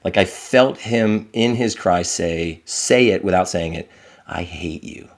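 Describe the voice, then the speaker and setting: A man's voice: low voice, measured pace. A middle-aged man, a podcast guest, telling candid, reflective stories about his parenting and acting out quotes in a raised voice. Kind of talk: candid conversational storytelling.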